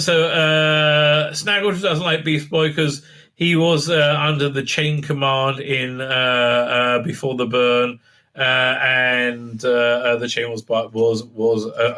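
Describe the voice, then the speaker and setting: A man from Israel with a medium-pitched, sharp voice reviews a TV episode in a casual, rambling recap. He uses lots of fillers and restarts, adds a sarcastic edge, and throws in mocking impressions.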